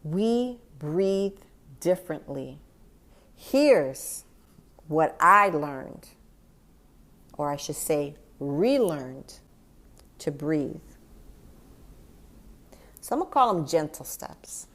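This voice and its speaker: A woman talks in an unhurried, gentle way, taking her time with each thought. Her voice sits a little low for a woman, and she addresses the listener directly with heartfelt warmth as a grieving mother on her own podcast. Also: very animated. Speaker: podcast host. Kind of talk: personal reflective monologue.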